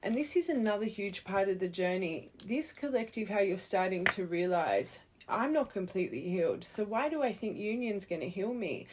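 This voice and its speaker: A woman's voice: mid-range voice, animated, normal speed, few pauses, noisy background. Earnest woman giving a tarot reading. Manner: earnest, encouraging, thinking aloud with fillers. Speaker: tarot reader.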